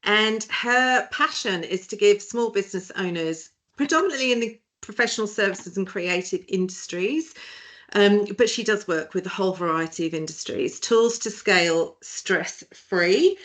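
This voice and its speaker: A British woman opens a webinar over a video call, chatty and lightly joking. Her pitch sits in the middle, and she pauses often as she introduces her guest. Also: a bit bright. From Britain. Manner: chatty, jokey, hesitant. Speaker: webinar host, HR firm director. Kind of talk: casual webinar hosting.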